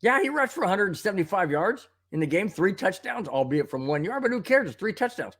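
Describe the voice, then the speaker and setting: A man's voice: sits high, big pitch swings, fairly quick, fairly bright tone, slightly rough. A man with a slightly raised voice hosts a live sports talk stream. He gets worked up and rants as he answers viewer comments. A tickle in his throat sets off coughs along the way. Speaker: live show host.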